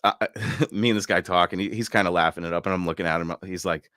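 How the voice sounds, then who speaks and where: A man's voice: low-pitched, steady tone, fast, fairly bright tone, dry recording, studio quality. A man hosting a podcast, telling a story in casual chat and laughing as he goes. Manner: laughs through stories, acts out quoted voices. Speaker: podcast host.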